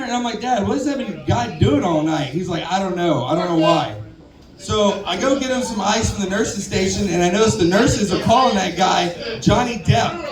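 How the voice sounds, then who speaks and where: Man, stand-up comic, easygoing storytelling drawl, roomy saloon, crowd noise. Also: sits high. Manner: laid-back storytelling with drawl and y'all. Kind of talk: stand-up comedy set. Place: saloon bar stage. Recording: roomy bar recording from far off with crowd.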